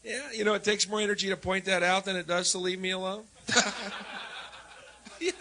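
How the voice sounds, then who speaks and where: A man performing a stand-up routine in a wry, sardonic way, swinging between low mutters and loud jabs. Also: steady tone, moderate pace, pauses often, rough recording. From United States. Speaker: stand-up comedian.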